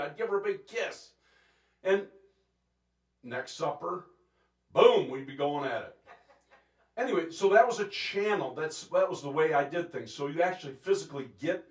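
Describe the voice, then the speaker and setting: A man preaching a sermon as pastor, intense and animated, acting out quotes and laughing between points. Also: sits high, moderate pace, reverberant. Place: church sanctuary.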